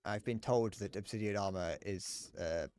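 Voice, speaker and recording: A man's voice: on the low side, normal speed, a little mellow, a little hiss or hum. A man with a British accent chatting casually to his live-stream audience while gaming, rambling through restarts and crude remarks. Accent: British English. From Britain. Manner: rambling and crude, answering chat with frequent restarts.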